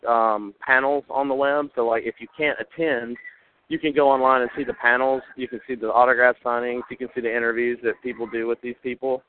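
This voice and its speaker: A man's voice: medium pitch, level tone, fairly quick, a little hiss or hum. Tired chatty man on a phone line. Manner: chatty storyteller, laughs often. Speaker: podcast co-host. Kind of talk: casual chat.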